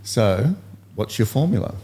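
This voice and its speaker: A man's voice: fairly low pitch, sing-song, unhurried, mellow, slightly rough. A man in his fifties hosting a podcast, coaching and telling stories in casual motivational chat, repeating points for emphasis. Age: 50s. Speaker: podcast host.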